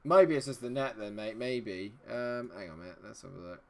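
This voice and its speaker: A man's voice: fairly low pitch, fairly quick, gravelly. A man live-streaming a game, chatting with his viewers and muttering to himself while he checks settings. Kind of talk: live-stream commentary talking to chat.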